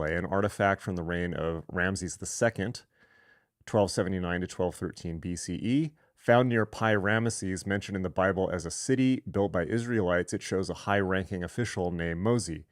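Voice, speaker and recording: A man's voice: low voice, no echo, clean studio sound. A man hosting a live online lecture, reading sources aloud and breaking off for irreverent, sarcastic comments. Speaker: host.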